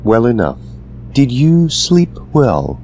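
An actor playing a stiff, formal male demon familiar who speaks in a measured, precise way. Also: mid-range voice, wildly swooping pitch, mellow, a little hiss or hum, full character voice.

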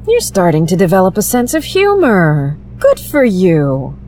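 A woman's voice: on the low side, wildly swooping pitch, unhurried, warm tone, slight background noise. An actress playing a dry, sarcastic woman necromancer and bounty hunter. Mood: wry.

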